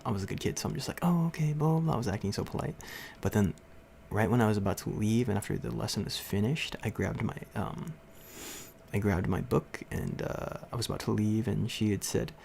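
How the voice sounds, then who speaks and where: A young livestream host briskly tells his chat a rambling story, laughing often and using plenty of fillers. His lowish voice is creaky and darkish, with a little hiss or hum in the recording.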